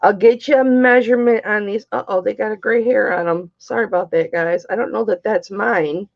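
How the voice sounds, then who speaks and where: A woman's voice: medium pitch, a little fast, creaky. A woman in her fifties hosting a live-stream jewelry sale, chatting with viewers by name as she shows each piece. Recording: dull lo-fi stream audio.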